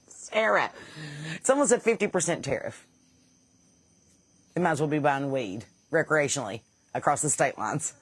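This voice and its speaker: A woman's voice: on the low side, fairly bright tone, no echo. A woman podcast host with a Southern accent, blunt and sarcastic in casual comedic talk, laughing at her own jokes and a bit stuffy from sinus trouble.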